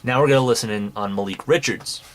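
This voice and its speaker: A young man hosts a commentary podcast, ranting angrily with heavy swearing and mocking scorn. His voice is medium-pitched and fast, and there's a little hiss or hum in the audio.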